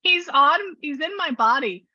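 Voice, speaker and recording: Bright, chatty woman psychic medium. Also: sits high, unhurried, no echo, highs cut off. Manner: animated, chatty, laughs often, retells conversations. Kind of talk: reading session with a client.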